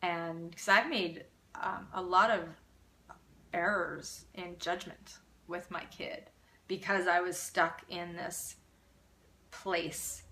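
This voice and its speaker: A middle-aged woman speaks in a bright, clear voice as she hosts a live parenting Q&A. She is earnest and animated, reads out viewer comments and answers them at length. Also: fairly low pitch, takes it slowly, slight background noise. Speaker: parenting coach hosting a live Q&A.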